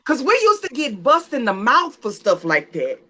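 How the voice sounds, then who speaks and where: A woman's voice: a little high, huge pitch swings, moderate pace, crowd noise. A woman hosting a church panel talk, playful and coaxing as she calls out to the audience.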